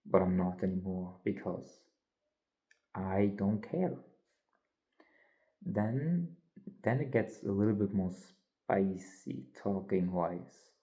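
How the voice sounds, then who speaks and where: A man's voice: sits low, expressive, slow, pauses often, mellow, rough recording. A young man, a college student, talking candidly in a rambling, filler-heavy way with some yawning. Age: young adult. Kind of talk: casual vlog monologue.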